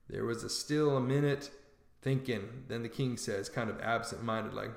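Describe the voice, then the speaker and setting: A man reading a classic novel aloud, narrating in a lively, folksy boy's voice. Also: medium pitch, unhurried, creaky, roomy sound. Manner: animated, folksy narration voicing a boy. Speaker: audiobook reader. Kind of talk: storybook narration.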